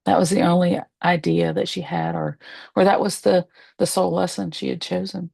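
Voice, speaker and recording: Gravelly, husky woman telling her story. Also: lowish voice, flat delivery, no room sound. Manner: candid and emotional, with pauses and soft laughs. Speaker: medium and spiritualist. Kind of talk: personal storytelling to camera. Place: at home, seated in a rocking chair.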